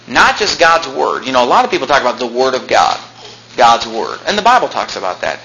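Emphatic preacher with a bright, forceful voice. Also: male voice, on the high side, expressive, quick pace, a little hiss or hum, rough recording. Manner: emphatic, repeating phrases, quoting scripture in old-fashioned English. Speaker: pastor. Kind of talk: sermon.

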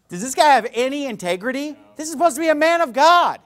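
A man preaching a sermon who reads scripture and explains it in a casual, animated, sarcastic way. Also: very high voice, quick pace, hardly any pauses, noisy background.

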